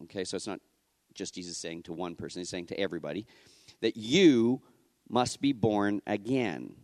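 A man preaching a conversational sermon in an animated, casual way. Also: on the low side, normal speed, no room sound, clean studio sound. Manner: animated, casual, acts out the scripture quotes.

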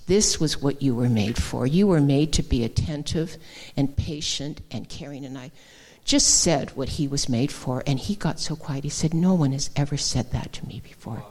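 A woman with a slightly low voice preaches a sermon built on personal anecdotes. She talks conversationally, calling people darling and honey as she retells conversations. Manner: warm storytelling, addresses people as darling and honey. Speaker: guest speaker.

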